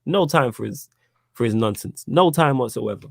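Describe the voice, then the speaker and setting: A young Manchester man chats loosely and quickly on a stream, dropping slang and shout-outs to viewers. His voice sits at an average pitch, recorded close and dry with little room sound. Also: expressive, creaky, dry recording. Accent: South East Manchester. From England. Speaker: co-host. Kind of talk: casual live-stream chat.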